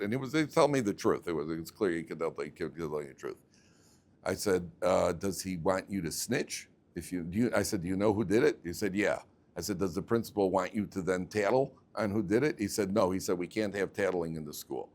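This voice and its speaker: Animated rabbi telling classroom stories. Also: male voice, sits low, a little fast. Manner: animated, repeats words, acts out both sides of arguments. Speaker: rabbi teaching a yeshiva class. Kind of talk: lively storytelling lecture.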